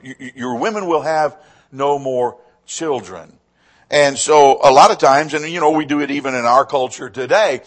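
A male pastor preaching a sermon, emphatic, often repeating his words and swinging between raised and hushed phrases. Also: on the high side.

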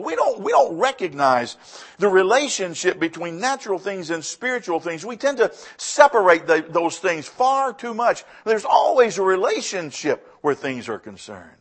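A man preaching a sermon as pastor, swinging between loud emphatic lines and hushed, quiet ones. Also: high-pitched, big pitch swings, moderate pace, breathy edge.

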